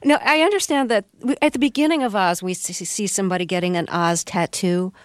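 A woman hosting a radio interview, asking polite questions in a measured way. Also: medium pitch, clear, resonant tone, no echo, studio quality. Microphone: studio microphone.

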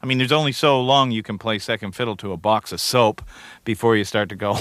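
Man, 40s, from Canada, rambling wry interview answers, low-ish voice, dry close sound. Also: fairly even intonation, a little fast, a bit bright, dry recording. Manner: rambling, wry, self-deprecating, chuckles. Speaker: comedian guest.

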